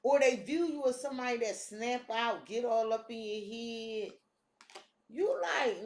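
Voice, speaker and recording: A tarot reader runs through a casual reading, her speech blunt, profane and streetwise. Her high voice is animated yet a little mellow and a little slow, and the room echoes.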